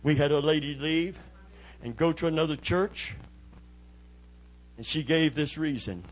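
A male pastor preaches in church, his voice sitting somewhat high for a man. He speaks in a folksy, conversational sermon manner and rises into fervent calls of praise. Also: a little slow. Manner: preaching with rising fervor, calling out hallelujahs.

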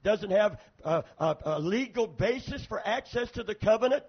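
A male pastor preaches from the pulpit with a high, slightly husky voice, pulling frequent amens from his congregation. He drifts between soft, confiding asides and loud, fervent stretches of prayer. The church recording sounds dull and lo-fi, like an old sermon tape. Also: animated, normal speed. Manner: preaching with frequent calls for amen.

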